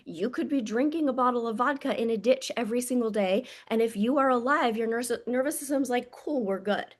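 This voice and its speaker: Speaking directly to camera, a woman with a fairly high voice plays the role of a spiritual coach, talking a little fast. She's frank and blunt, swears freely, and intimately calls her listeners "my loves" in this casual monologue.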